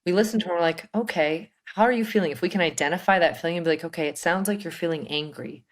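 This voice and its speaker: A woman's voice: on the low side, rapid-fire. A woman co-hosting a podcast, talking with a confident coaching tone and often asking rhetorical questions. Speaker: podcast co-host. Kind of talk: casual podcast conversation.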